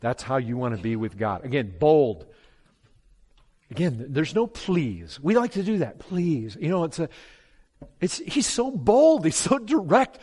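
A man preaching a sermon with fervor, swinging from hushed pleading to loud, impassioned calls. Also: a little high, sing-song, a little slow, breathy edge. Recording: long hall reverb.

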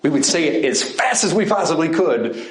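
A middle-aged man delivers a sermon in a conversational style, asking his listeners question after question. His slightly high voice swings widely in pitch. The sound carries a noticeable room echo. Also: moderate pace. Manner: animated, conversational preaching with rhetorical questions. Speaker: preacher.

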